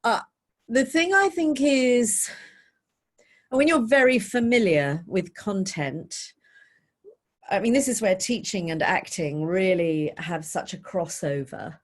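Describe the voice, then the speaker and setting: A British woman, a voice coach, giving expressive advice in a webinar question-and-answer session. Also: fairly low pitch.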